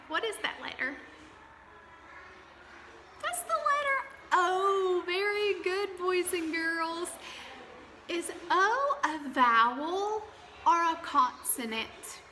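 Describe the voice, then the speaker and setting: A woman's voice: sits high, pushed and bright, in a large hall, slight background noise. A woman teaching young children phonics, drawing out vowel sounds in a sing-song, coaxing way. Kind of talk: early-years phonics lesson.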